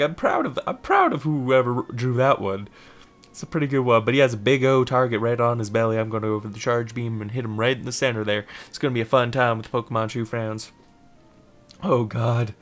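A man giving casual, rambling let's-play commentary over a game, giggling and repeating a silly catchphrase. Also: medium pitch. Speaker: gameplay commentator.

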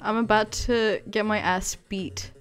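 A young woman giving excited, chatty commentary while streaming a video game for the first time. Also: medium pitch, measured pace, clean tone. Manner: excitable, exclaims and laughs a lot. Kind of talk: casual live gameplay commentary. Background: faint game music.

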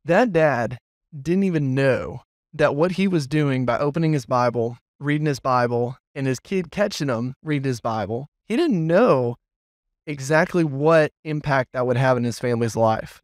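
A man's voice: medium pitch, normal speed, no room sound, studio quality. A man, a children's pastor, telling a story with many fillers in a casual podcast chat. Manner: animated storyteller, lots of fillers.

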